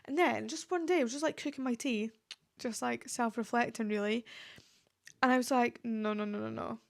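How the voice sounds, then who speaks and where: Chatty woman with a creaky voice. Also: on the high side, moderate pace. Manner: chatty, rambling, heavy use of "like" fillers. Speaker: podcast host. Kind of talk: casual solo podcast chat. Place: at home. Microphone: podcast microphone.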